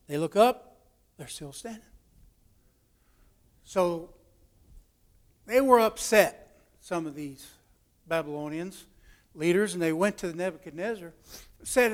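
A man preaching a folksy sermon, telling a story and acting out its voices with big swings in loudness. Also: sits high, expressive, slow, pauses often. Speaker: pastor.

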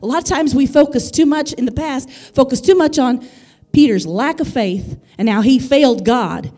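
A woman's voice: high-pitched, moderate pace, a little mellow. A woman preaching a sermon with fervent, building emphasis.

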